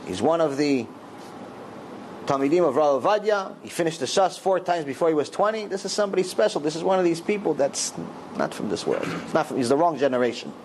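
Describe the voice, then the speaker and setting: A man's voice: fairly high pitch, darkish tone, a little hiss or hum, rough recording. A middle-aged man and rabbi giving a storytelling Torah lecture, acting out the dialogue in raised voices.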